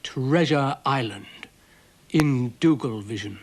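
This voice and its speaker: A man's voice: mid-range voice, slow pace. Dry wry male storyteller. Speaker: narrator. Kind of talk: children's TV storytelling.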